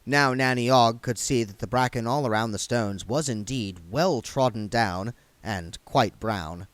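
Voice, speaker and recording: A man reading a comic novel aloud in lively, expressive narration. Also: mid-range voice, measured pace, no echo. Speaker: reader.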